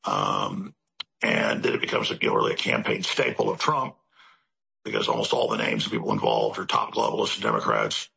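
Deep gravelly man, rambling and emphatic. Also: animated, pushed and bright. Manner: rapid, rambling and emphatic, with stacked repetitions. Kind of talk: political commentary monologue. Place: studio in Central Texas.

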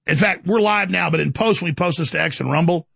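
A man's voice: sits high, quick pace, creaky, fairly bright tone, husky, no echo. A man hosting a live call-in talk show, ranting about politics in a rambling way with stammering restarts. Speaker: talk show host taking calls.

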